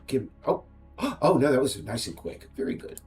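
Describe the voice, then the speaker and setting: A man's voice: mid-range voice, sing-song, normal speed, a little mellow, soft background music. An American man, a game developer, rambling and ranting on a casual livestream, with frequent restarts.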